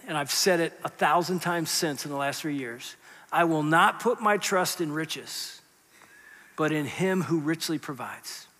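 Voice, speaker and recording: A man preaching in a church with a high, bright, forceful voice. He talks conversationally and shifts between quiet, hushed asides and loud, emphatic lines. His voice carries a long reverb off the sanctuary. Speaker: pastor. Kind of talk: sermon.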